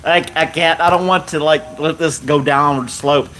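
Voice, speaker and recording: A man's voice: fairly high pitch, steady tone, normal speed, a bit bright, a little hiss or hum. A man hosting a livestream, chatting casually and reading viewer comments while laughing hard and often. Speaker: livestream host.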